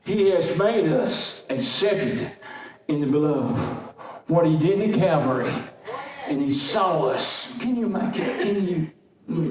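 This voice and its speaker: A man preaching a fervent call-and-response sermon, chanting and shouting his lines. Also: high-pitched, unhurried. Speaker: guest preacher. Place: large echoey church sanctuary. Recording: echoey sanctuary from far off. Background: congregation responding.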